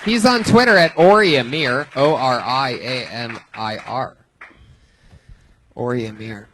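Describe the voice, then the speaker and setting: A man's voice: medium pitch, fairly bright tone, slight background noise. A man hosting a live comedy podcast, bantering with guests and introducing comedians. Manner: quick, jokey banter and introductions. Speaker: host.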